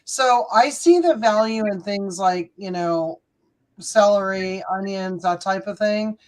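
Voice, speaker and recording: A woman speaks as a panelist in a relaxed chat, her voice at an ordinary pitch. She talks chattily and fills her pauses with hesitant ums and you-knows. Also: low-quality recording.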